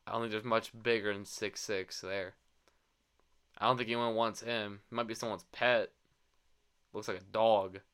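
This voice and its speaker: A man's voice: on the low side, fairly even intonation, moderate pace, pauses often, a bit bright, smooth. Crude, joking young man podcast host. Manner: loose, crude, joking, laughs often. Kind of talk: casual podcast chat.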